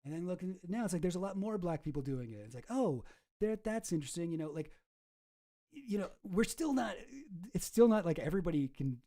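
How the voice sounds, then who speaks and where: A man's voice: high voice, animated, fast talker, mellow. A man from Canada, hosting a casual reaction commentary and ranting profanely with frequent restarts. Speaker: commentary host.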